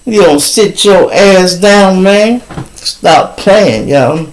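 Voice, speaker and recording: A man hosts his own show, telling a story straight to his viewers in slow, drawn-out phrases. His voice sits a little high for a man. He is animated and profane, breaking into laughter as he goes. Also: low-quality recording. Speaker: show host.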